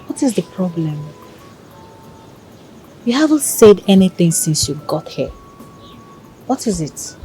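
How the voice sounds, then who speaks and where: A woman's voice: fairly low pitch, big pitch swings, measured pace, long pauses, mellow, faint music behind, poor audio. An actress with a Nigerian accent playing a devoted young heiress who reassures her lover in a film drama. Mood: tender. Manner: tender, reassuring, shifts into pidgin.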